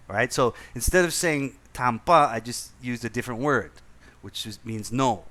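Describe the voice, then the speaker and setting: A man's voice: medium pitch, lively intonation, normal speed, bright, forceful tone. A man hosting a casual podcast chat, telling a profane anecdote with lots of repeated words and laughter. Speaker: podcast host. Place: lived in Indonesia.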